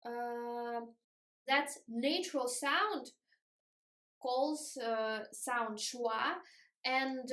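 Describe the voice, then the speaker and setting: Woman teacher, native Russian speaker, high voice, very slow delivery, tired, echoey room. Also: fairly bright tone. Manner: slow, patient explaining with many fillers and laughs. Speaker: language teacher. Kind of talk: beginner language lesson.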